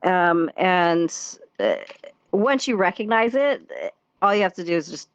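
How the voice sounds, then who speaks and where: A woman's voice: on the low side, lively intonation, a little slow, no room sound. Chatty woman, slightly muffled dry voice. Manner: chatty, laughs often, many fillers and restarts. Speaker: podcast guest, theatre performer and dance teacher. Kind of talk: casual podcast interview. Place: virtual reality social world voice chat.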